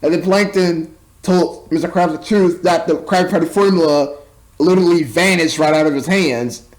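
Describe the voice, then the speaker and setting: High-voiced young man ranting about a movie. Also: normal speed, rough recording. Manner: rambling, exasperated, stumbling over words. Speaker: movie reviewer. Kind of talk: casual spoken movie review.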